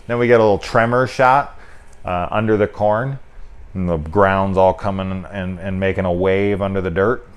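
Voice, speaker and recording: A man's voice: sits low, steady tone, normal speed. A man giving a casual, rambling film review, loose and candid, swearing freely and leaning on filler words.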